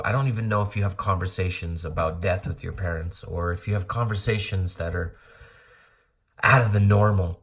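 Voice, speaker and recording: A middle-aged man from Montana speaks in a fairly low voice. His talk is earnest and rambling. He is blunt and drops the odd curse as he thinks out loud in a personal monologue. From Montana, USA. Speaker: vlogger.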